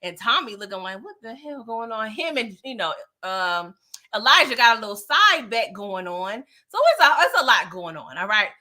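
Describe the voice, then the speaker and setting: A woman's voice: mid-range voice, sing-song, normal speed, pushed and bright. A woman casually recapping TV episodes for her viewers, chatty and slangy, talking straight to the audience. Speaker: TV show recap vlogger.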